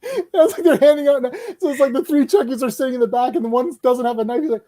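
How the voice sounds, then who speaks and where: A man hosting a casual online horror discussion, talking excitedly with lots of laughter. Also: very high-pitched, quick pace, a little hiss or hum. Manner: excited, laughing, acts out scenes. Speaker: stream host. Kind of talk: casual chat about horror shows.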